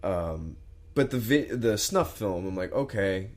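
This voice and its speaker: Low-voiced young man rambling about a film. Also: animated, measured pace, a little mellow. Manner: rambling, trailing off, swears casually. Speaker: podcast co-host. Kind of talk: casual film discussion.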